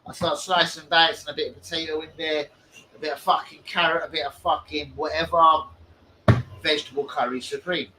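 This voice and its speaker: A man's voice: fairly high pitch, little pitch movement, brisk, very noisy. Sweary young man ranting, slang. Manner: loud, swearing, banter-heavy street slang. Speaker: football fan channel host. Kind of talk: live stream chat.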